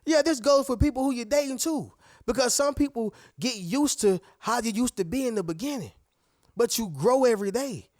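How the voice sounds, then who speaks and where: In clean studio sound with a dry recording, a man talks to camera in a motivational video, his voice a little mellow, with lively intonation at a moderate pace. He's emphatic and preachy, addressing viewers as "y'all" and "family," and voices other people's lines in a higher register.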